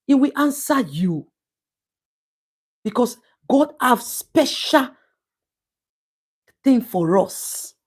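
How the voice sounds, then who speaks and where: A woman's voice: on the high side, animated, drawn-out words, pauses often, a little mellow, breathy edge. A woman with a Nigerian English accent hosting a live stream and reading viewer comments. She talks in an emphatic, preachy way and repeats words for stress. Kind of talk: casual live-stream talk.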